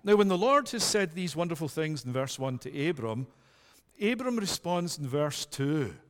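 A man's voice: a little high, sing-song, moderate pace, in a large hall. A man preaching an earnest, emphatic sermon, pressing his listeners with questions.

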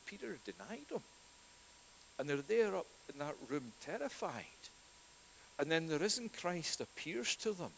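A man delivers a sermon in an earnest storytelling way, swinging from raised, emphatic lines down to hushed near-whispers. His pitch sits in an ordinary middle range. A faint hiss runs under the recording. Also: low-quality recording. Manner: earnest, storytelling with dramatic shifts in volume. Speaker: preacher.

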